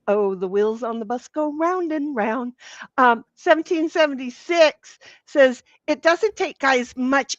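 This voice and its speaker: A woman's voice: a little high, dry recording. A woman hosting a livestream, reading viewer comments aloud in a bawdy, giggly, teasing casual chat. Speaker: livestream host. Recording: dull lo-fi dry sound.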